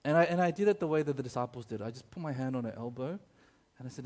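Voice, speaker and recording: A man's voice: mid-range voice, fast talker, darkish tone. A man preaching a sermon in a conversational way. He often checks in with the audience and tells a personal story with plenty of fillers and restarts. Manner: many fillers and restarts when telling stories.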